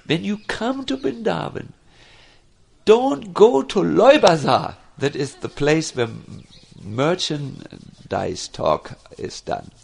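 Guy preaching a devotional talk, high lively voice, slow and gravelly. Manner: slow, animated storytelling with many fillers and restarts. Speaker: spiritual teacher. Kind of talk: devotional lecture.

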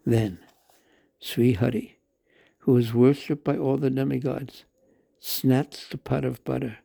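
A man reading a devotional story aloud at a measured pace, with slow pauses and the odd self-correction. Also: mid-range voice, vocal fry, mellow.

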